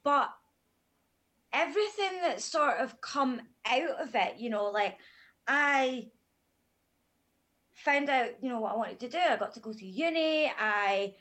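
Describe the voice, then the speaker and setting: Frank, calm woman telling her story. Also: high voice, measured pace, pauses often. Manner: calm, frank, matter-of-fact. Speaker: podcast guest. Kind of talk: candid personal storytelling.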